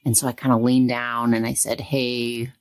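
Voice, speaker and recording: Low-voiced woman telling a playful story. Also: level tone, brisk. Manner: playful, uses "like" a lot. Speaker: guest sharing a parenting tip. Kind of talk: casual storytelling.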